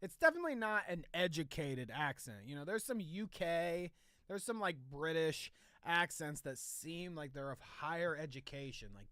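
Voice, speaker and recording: A man from Ohio with a Midwestern accent, co-hosting a podcast in crude, excitable, profane banter. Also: a little high, moderate pace, dry recording, studio quality. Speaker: podcast co-host.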